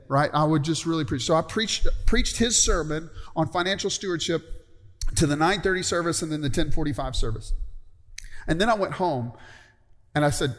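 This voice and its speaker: Middle-aged male pastor, chatty sermon delivery that asks for amens, a touch high-pitched, recorded in an echoing sanctuary. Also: expressive, normal speed, fairly bright tone. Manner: conversational, calls out for amens. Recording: long hall reverb.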